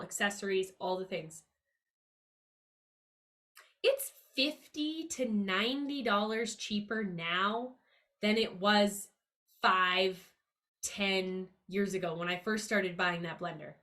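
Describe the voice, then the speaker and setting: A woman hosting a podcast, giving a motivational money-mindset monologue in an upbeat, emphatic and earnest way, her pitch leaping up on key words. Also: sharp tone. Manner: earnest, confiding tone with listeners. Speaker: podcast host.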